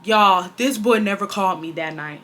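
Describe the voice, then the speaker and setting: A young woman in her twenties from Houston tells a dating storytime straight to her viewers. She is dramatic and animated, swears freely, and keeps calling them y'all. Her voice is bright and clear. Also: medium pitch, normal speed. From Houston, Texas. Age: 20s. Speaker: storytime vlogger. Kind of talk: casual storytelling to camera.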